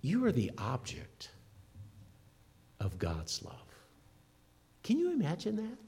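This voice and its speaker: A middle-aged pastor preaching with earnest emphasis. His voice is gravelly and a little husky, with a lively rise and fall. The tone stays warm and encouraging, like a sermon addressed to a congregation. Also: on the high side, slow. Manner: earnest, emphatic preaching with rising and falling delivery.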